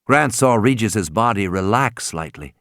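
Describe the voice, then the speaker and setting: A man reading a novel aloud as an audiobook narrator, dramatic and expressive. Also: lowish voice, measured pace, no echo, clean studio sound. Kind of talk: scripted narration.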